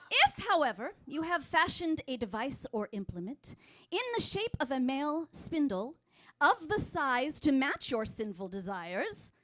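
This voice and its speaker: A woman's voice: high-pitched, fairly bright tone, exaggerated voice. A woman playing a prim Spanish advice columnist. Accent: put-on Spanish accent. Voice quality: prim, sing-song, mock-pious. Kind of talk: character stand-up.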